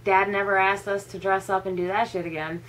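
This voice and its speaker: A woman's voice: medium pitch, level tone, brisk, fairly bright tone. A young woman vlogging, telling a funny story casually, laughing often and saying "like" a lot.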